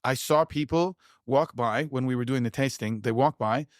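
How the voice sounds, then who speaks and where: A man's voice: mid-range voice, normal speed, no room sound, studio quality. A man, a pitmaster, chatting enthusiastically in an interview, rambling with lots of fillers and restarts. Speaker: pitmaster and producer. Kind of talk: casual conversational interview.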